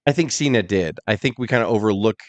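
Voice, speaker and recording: A man co-hosting a casual wrestling podcast, talking in an animated, profane way and acting out quotes. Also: on the low side, quick pace, no room sound. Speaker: podcast co-host.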